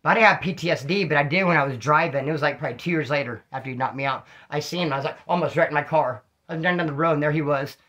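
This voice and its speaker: A man rattles off stories from his past in a rapid, tense, forceful delivery, full of street slang. His voice sits a little high for a man, and he slips into quick acted-out quotes as he goes. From California. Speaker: storyteller recounting prison life. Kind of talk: casual storytelling monologue.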